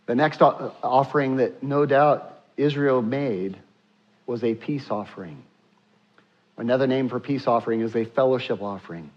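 Male pastor, mid pitch, preaching with lots of uhs, slightly muffled recording. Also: moderate pace. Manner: preaching with frequent filler sounds, acting out prayers in a hushed voice. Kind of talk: sermon.

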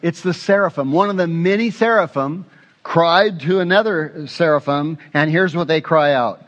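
A man's voice: fairly high pitch, moderate pace, fairly bright tone. Male pastor preaching expressively, muffled sound. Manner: asks the congregation questions. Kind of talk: sermon.

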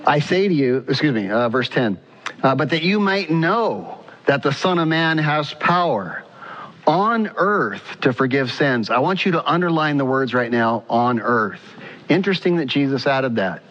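A man's voice: medium pitch, lively intonation, moderate pace, a bit bright. A male pastor preaching a sermon in an earnest style, putting questions to the congregation. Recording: muffled sound with long church reverb.

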